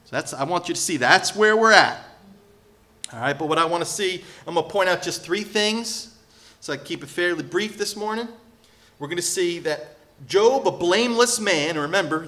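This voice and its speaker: A male pastor delivering a sermon, lively and sarcastic, acting out the people he quotes. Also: a little high. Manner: animated, sarcastic asides, acts out quoted voices.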